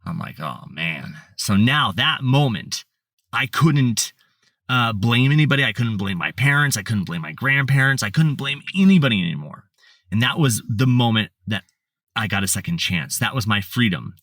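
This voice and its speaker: A man's voice: mid-range voice, expressive, normal speed, a bit bright, no room sound. A man from the United States, a podcast guest telling his life story in a casual, rambling way with lots of fillers and restarts. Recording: slightly distant mic, dry sound.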